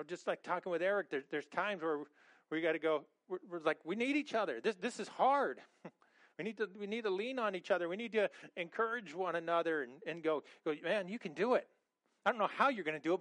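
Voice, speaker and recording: A man preaching a sermon in a conversational way, often stammering and repeating words, and saying quoted lines in a lower, softer voice. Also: no room sound. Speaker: pastor.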